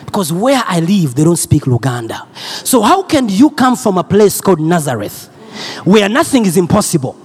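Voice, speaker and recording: A male preacher from Uganda giving a loud, energetic sermon, repeating phrases and drawing call and response from the congregation. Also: high voice, normal speed, husky.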